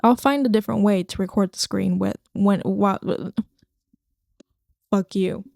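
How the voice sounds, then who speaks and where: A young woman chats alone on her podcast at home, rambling casually and swearing at times into a microphone in front of her computer screen. She speaks a little slowly in a mid-range, darkish voice with fairly even intonation and vocal fry. The dry recording is studio quality.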